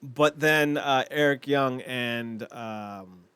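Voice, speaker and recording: A young man co-hosting a podcast, chatting casually and excitably, rambling with lots of fillers and frequent laughs. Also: medium pitch, extremely slow, clean tone. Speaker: podcast co-host. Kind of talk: casual wrestling chat.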